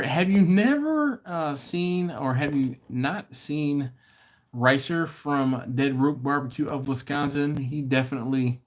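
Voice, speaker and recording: A man hosting a casual livestream, chatting and rambling, often laughing and restarting his sentences. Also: a little high. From not from Baltimore. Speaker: livestream host. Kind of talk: casual live-stream chat.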